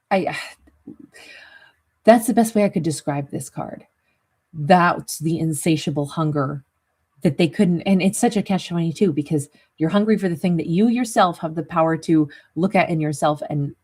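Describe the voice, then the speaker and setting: A woman's voice: sits low, warm tone. A woman giving a casual tarot reading, talking in a rambling, conversational way full of asides and the odd chuckle. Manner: chuckles at her own jokes. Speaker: tarot reader.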